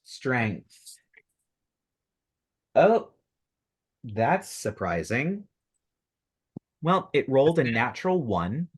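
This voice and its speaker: A man's voice: medium pitch, sing-song, extremely slow, pauses often, husky. A man running a tabletop game as game master, narrating scenes vividly and laughing often.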